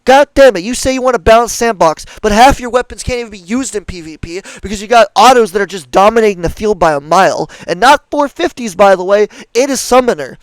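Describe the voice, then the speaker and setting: A man's voice: high voice, animated, fast talker, few pauses, clear, resonant tone, no echo, low-quality recording. Angry profane young man ranting. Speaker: gaming streamer. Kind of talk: ranting gameplay commentary.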